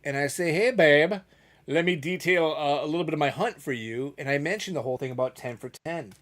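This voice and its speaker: A man's voice: fairly high pitch, a little fast, a bit bright. A middle-aged man co-hosting a casual chat, telling a rambling story and acting out the quotes. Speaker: podcast co-host.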